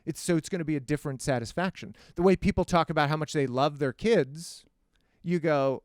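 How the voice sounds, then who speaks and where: A male comedian chatting as a podcast guest, telling animated stories and slipping into acted voices. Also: a little high, a little fast, no echo, clean studio sound. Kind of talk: casual podcast conversation.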